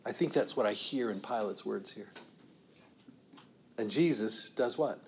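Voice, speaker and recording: A man's voice: lowish voice, a little slow, a bit bright, highs cut off, a little hiss or hum. A man teaching a Bible study as a pastor, asking the group questions and acting out quoted lines with rising emphasis.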